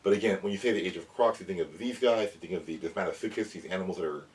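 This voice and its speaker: Deep-voiced man chatting to kids. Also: very fast. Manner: chatty, rambling, self-correcting; addresses kids. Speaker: toy review host. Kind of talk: casual toy unboxing and science explainer. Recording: voice a bit far from the mic, faint background noise.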